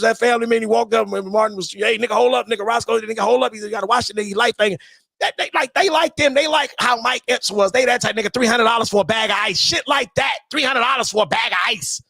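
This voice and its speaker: A man's voice: very high voice, gravelly, a bit bright, dry recording, clean studio sound. A man hosting a livestream, ranting in a casual, profane, rambling way and repeating words as he starts his sentences. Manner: chuckles often while talking. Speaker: livestream host.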